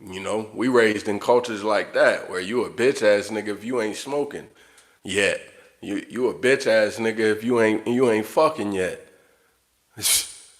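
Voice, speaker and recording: A fairly low-pitched male voice at a measured pace belongs to a livestream host. Speaking unscripted and directly to his viewers, he goes on a blunt, profane rant, saying the same things over and over.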